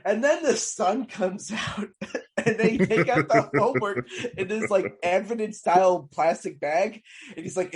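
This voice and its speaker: Man, fairly high voice, casual podcast chat, rambling with fillers. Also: unhurried, crowd noise. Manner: rambling, many fillers and restarts. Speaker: podcast co-host. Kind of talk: casual film review chat.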